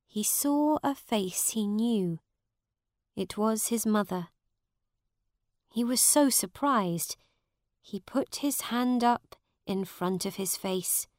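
A woman narrating a simple storybook in a slow, careful, deliberate way. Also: medium pitch, clean tone, no room sound, clean studio sound. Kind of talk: scripted audiobook narration.

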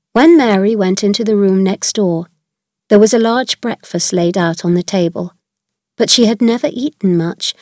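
A woman narrates a children's storybook in an even, measured way, every word placed clearly. The recording is very dry and close, with no room sound at all. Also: mid-range voice, dry recording.

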